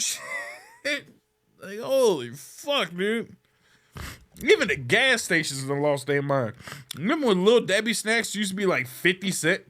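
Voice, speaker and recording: A man hosting a podcast, ranting in a casual, comedic way. He swears freely and sounds exasperated. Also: high-pitched. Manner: profane, exasperated, animated complaining. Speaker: podcast host.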